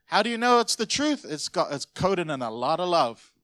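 A pastor gives a sermon in church, talking to his congregation like he's chatting with them, then suddenly punching a phrase out loud. His voice sits a little higher than most men's. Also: sing-song, normal speed, no echo. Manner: conversational preaching, sudden loud emphases.

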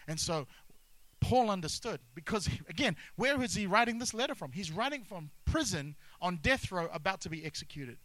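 Male pastor, emphatic sermon delivery, repeats key lines, fairly high voice. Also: sing-song, normal speed, a bit bright, rough recording. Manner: emphatic, repeats key phrases, mixes humor with intensity.

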